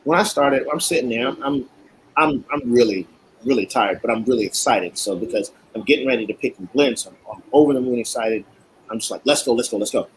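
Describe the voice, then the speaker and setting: Man, guest storyteller, mid-pitched, animated, acts out quotes, faint noise behind. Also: brisk, rough recording. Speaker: guest, cigar maker. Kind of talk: casual storytelling.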